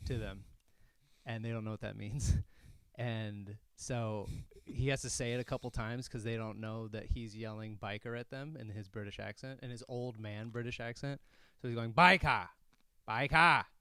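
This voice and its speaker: A man co-hosting a comedy podcast, telling stories in a casual, animated way and shouting out bits of them. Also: on the low side, moderate pace, clear, resonant tone, no echo, clean studio sound. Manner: animated, shouts when acting out a story.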